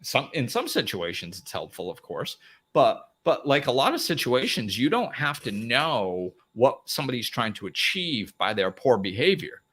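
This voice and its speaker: A man's voice: medium pitch, moderate pace, slightly rough. A man hosting a live motivational talk, speaking plainly and acting out little dialogues. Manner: animated, acts out little dialogues, plain-spoken. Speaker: host.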